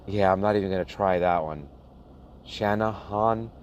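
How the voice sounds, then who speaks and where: A man's voice: low voice, lo-fi sound, slight background noise. A man talking casually to his viewers and reading out a list of places, plain-spoken and chuckling at names he cannot pronounce. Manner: slow, plain-spoken, laughs at his own mispronunciations. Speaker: box truck owner-operator vlogger.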